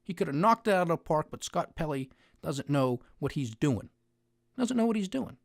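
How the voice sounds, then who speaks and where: Sarcastic, high-voiced male market commentator. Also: lively intonation, normal speed, creaky, no echo, clean studio sound. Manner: sarcastic, mocking, emphatic. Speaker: financial news commentator. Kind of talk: opinionated monologue commentary.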